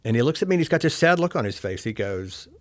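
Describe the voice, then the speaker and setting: A middle-aged man from Oklahoma telling a candid personal story, soft-spoken and reflective, often trailing off quietly. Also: medium pitch, big pitch swings, fast talker. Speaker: interview guest.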